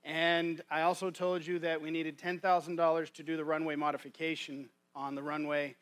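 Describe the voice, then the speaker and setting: A man's voice: on the high side, level tone, moderate pace, a bit bright. Folksy man preaching in a church. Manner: folksy, conversational, many restarts. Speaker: guest preacher. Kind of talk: sermon. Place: church sanctuary.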